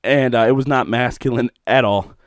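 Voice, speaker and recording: A young man hosting a podcast from home, telling stories in a profane, animated way with bursts of laughter. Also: mid-range voice, normal speed, no room sound, studio quality. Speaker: podcast host. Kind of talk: solo podcast monologue.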